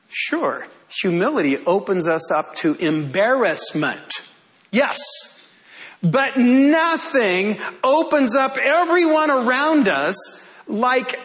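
A man's voice: very high-pitched, a bit bright. A male pastor preaching to his congregation, telling a self-deprecating personal story with humor.

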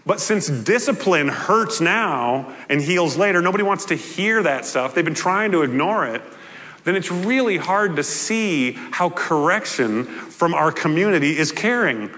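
A male pastor preaching a sermon in a conversational, animated way with playful asides. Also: on the high side, measured pace. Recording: echoey hall with long reverb.

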